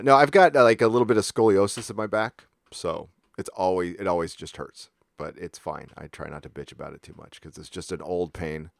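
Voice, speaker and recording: A middle-aged man from San Diego, chatting casually as a livestream host and telling rambling, profane stories that jump into sudden high-pitched bursts. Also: no echo, clean studio sound. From San Diego, California. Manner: laid-back, profane storytelling with sudden high-pitched outbursts.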